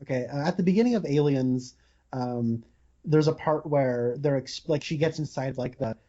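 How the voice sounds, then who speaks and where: A man's voice: mid-range voice, moderate pace, warm tone. A man hosting a podcast, talking about films in a rambling, casual way with many fillers and restarts. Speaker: podcast host. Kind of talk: casual film discussion. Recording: dull lo-fi podcast audio.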